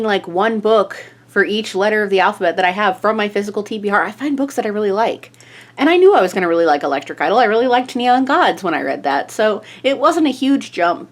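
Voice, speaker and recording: A young woman chatting casually in an upbeat book vlog, with fillers and small laughs. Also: medium pitch. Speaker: book vlogger.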